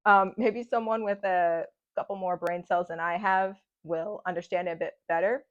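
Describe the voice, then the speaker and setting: A woman's voice: lowish voice, steady tone, normal speed. A young woman chatting casually to camera about books she has read, self-deprecating and laughing often, with a slightly scratchy throat. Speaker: book vlogger. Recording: dull lo-fi sound.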